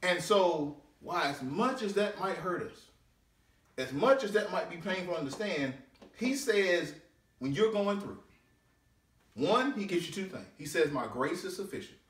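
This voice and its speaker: Man, deacon preaching, lively rising and falling pitch, roomy church sound from a distance. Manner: preaching with swooping pitch and drawn-out scripture reading. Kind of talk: sermon. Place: church sanctuary. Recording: echoey church room, mic at a distance.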